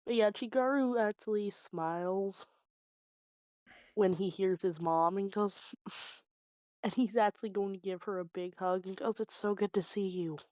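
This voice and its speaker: A woman's voice: medium pitch, unhurried, long pauses, dark tone, dry recording, muffled recording. A woman playing a tabletop role-playing game, playfully voicing her character. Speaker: player.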